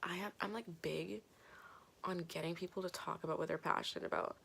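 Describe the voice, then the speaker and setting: A woman's voice: on the low side, fairly even intonation, brisk, gravelly, a bit bright. A woman in her twenties, a vlogger telling a story to her camera in a rambling, casual way, full of fillers and casual swearing. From Canada. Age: 20s. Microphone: compact camera mic.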